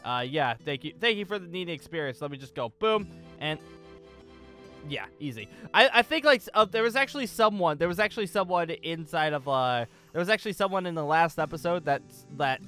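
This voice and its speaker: Chatty man with a fairly high voice. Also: lively intonation, brisk, bright, forceful tone, faint music behind. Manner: rambling, thinking aloud with frequent restarts. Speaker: gaming channel host. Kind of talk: casual gameplay commentary.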